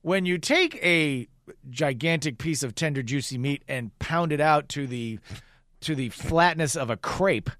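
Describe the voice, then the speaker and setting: Man, middle-aged, casual chat, animated storyteller, slightly high voice, dry close sound. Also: unhurried, no room sound. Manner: animated storyteller, playful exaggeration.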